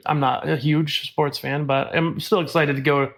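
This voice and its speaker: Opinionated, candid podcast co-host. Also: male voice, a little high, level tone, moderate pace. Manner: opinionated, candid, laughs easily. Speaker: podcast co-host, airport bartender. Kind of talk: casual chat.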